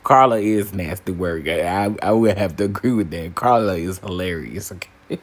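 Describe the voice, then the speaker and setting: Emphatic husky-voiced man commentating. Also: low-pitched, normal speed. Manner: animated, emphatic, repeats phrases for punch. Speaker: commentary channel host. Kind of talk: casual opinion commentary.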